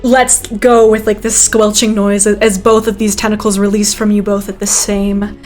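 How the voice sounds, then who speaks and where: A woman's voice: mid-range voice, level tone, normal speed, a little mellow, faint music behind. Woman game master narrating vividly. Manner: vivid, descriptive, with frequent ums and self-corrections.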